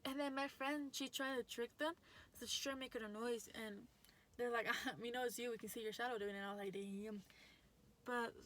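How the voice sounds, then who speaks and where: A young woman talks straight to her audience, rambling through a story with plenty of fillers and excited bursts. Her voice sits a little high, and she keeps it casual and quick to react. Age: young adult. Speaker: vlogger.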